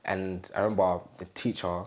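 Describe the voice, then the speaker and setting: A young Englishman with a deep voice tells a personal story in a relaxed interview. He speaks haltingly, repeats phrases, and acts out what family members said.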